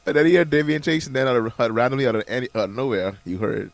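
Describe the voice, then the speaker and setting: A man's voice: mid-range voice, creaky, dry recording. A man co-hosting a morning radio show in casual chat, playful and often laughing as he rambles through restarts. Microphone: studio microphone.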